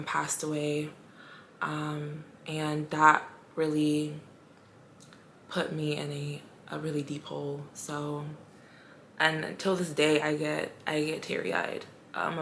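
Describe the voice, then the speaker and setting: A young woman telling her personal story in a vlog, emotional and halting, pausing often to steady herself. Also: deep voice, vocal fry, slight background noise. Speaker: vlogger.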